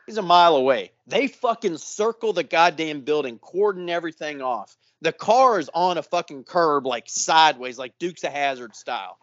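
A man with a slightly high voice spins a rambling story in casual podcast chat, with swearing in nearly every line. The sound is dry and close. It is also somewhat muffled and lo-fi. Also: moderate pace, hardly any pauses, no echo. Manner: profane, animated storytelling. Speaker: podcast co-host.

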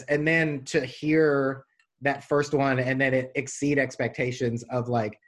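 A man hosting a podcast, chatting with enthusiasm and pausing often on um. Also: mid-range voice, level tone. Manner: enthusiastic, hesitant with many ums. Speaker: podcast host. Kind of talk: casual podcast conversation.

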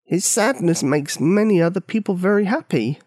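A man voicing a stern, secretive old man who guards a lake, speaking slowly and gravely in a storybook reading. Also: high voice, big pitch swings, a little mellow, no room sound, clean studio sound, voice pushed up, heavily acted. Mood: gentle.

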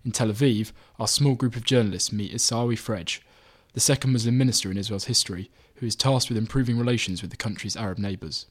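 Low-voiced man reading his article. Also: fast, few pauses. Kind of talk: scripted narration.

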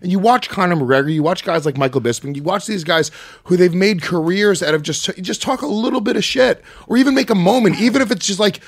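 A man co-hosting a podcast, pressing his opinions hard and swearing as he goes. His voice is a little higher than most men's, and the sound is dry and close. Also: fast, dry recording. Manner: emphatic, opinionated, profane. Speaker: podcast co-host. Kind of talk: casual podcast chat.

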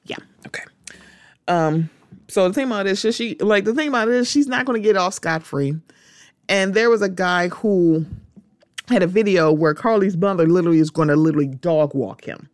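A woman talks through her opinions on her own podcast, animated and direct with her listeners. Her voice sits in a middle pitch. The recording is dry and close, with no room sound. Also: a little fast, dry recording. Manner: animated, repeats "the thing about it is", talks straight to listeners. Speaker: podcast host. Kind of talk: casual opinion monologue.

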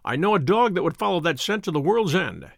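A man voicing a sharp-witted detective in an audiobook, speaking quietly, dryly and precisely. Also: sits high, big pitch swings, brisk, creaky, no echo, studio quality, heavily acted. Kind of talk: audiobook character voice.

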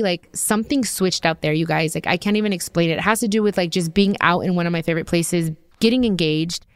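A woman's voice: on the low side, fast, few pauses, clean tone, no room sound, clean studio sound. A woman in her thirties hosting her own podcast, talking candidly and emotionally in a rambling way, full of fillers and restarts. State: tearful. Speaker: podcast host. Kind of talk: personal podcast monologue.

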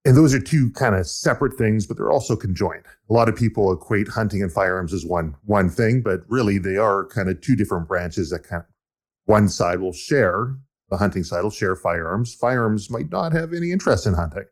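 A man from Canada, co-hosting a podcast and explaining his views in a measured, casual way. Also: fairly low pitch, lively intonation. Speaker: podcast co-host. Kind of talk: casual conversation.

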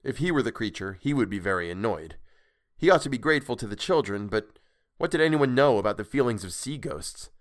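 A man narrating a storybook in a measured, expressive reading. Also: mid-range voice, dry recording, clean studio sound.

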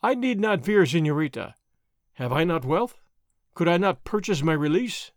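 A man's voice: on the high side, expressive, normal speed, dry recording, clean studio sound. A man reading the part of a lazy, ironic young nobleman in an audiobook, drawling and mildly mocking. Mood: languid.

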